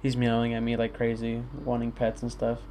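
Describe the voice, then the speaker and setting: A young man talks alone in his room, rambling and candid, dropping swear words as he goes. His voice sits at an ordinary middle pitch. A faint noise hums under the recording. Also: monotone, a little fast, warm tone. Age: young adult. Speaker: podcast host. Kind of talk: casual solo monologue.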